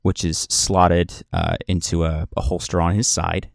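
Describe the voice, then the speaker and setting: A man's voice: sits low, little pitch movement, a little slow, vocal fry, no room sound. A man narrating as game master of a tabletop game, describing scenes in a rambling way full of fillers and restarts.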